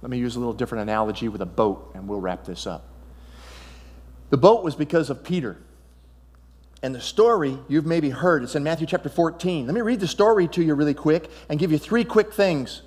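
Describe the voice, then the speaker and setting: Man, pastor, animated sermon, questions to the congregation, long church reverb. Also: a little high, fairly quick, husky. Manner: animated preaching, acts out Bible dialogue, asks the crowd questions. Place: church sanctuary.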